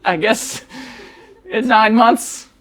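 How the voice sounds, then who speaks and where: A man's voice: high-pitched, fairly even intonation, drawn-out words, fairly bright tone, exaggerated voice. A man improvising a clueless, earnest detective who keeps apologizing in a bumbling way. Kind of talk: improvised comedy scene. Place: live stage before an audience.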